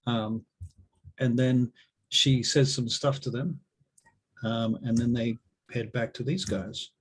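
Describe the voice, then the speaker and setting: A man narrating as dungeon master, relaxed and often pausing with ums. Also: mid-range voice, husky. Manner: relaxed, hesitant with many ums. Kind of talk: narrating a tabletop game.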